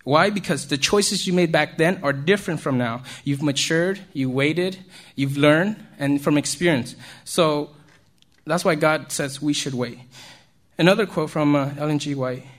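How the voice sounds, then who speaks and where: A man's voice: fairly high pitch, a little slow, fairly bright tone. A man giving an informal sermon to young people, keeping it conversational and checking in with his listeners as he goes. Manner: conversational, keeps checking in with "right?"; chuckles between points. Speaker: youth speaker.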